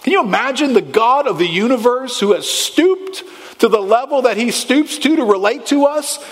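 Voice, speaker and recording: A man preaching a sermon as pastor, emphatic, pushing stressed words up high and then dropping low. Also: lively intonation, moderate pace, long reverb tail. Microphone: handheld or headset microphone.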